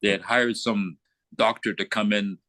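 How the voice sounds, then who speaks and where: A man's voice: lowish voice, normal speed, no echo. Blunt, profane older man telling war stories. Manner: blunt, profane, animated when retelling. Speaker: veteran interviewee. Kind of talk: casual storytelling interview. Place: remote call from abroad.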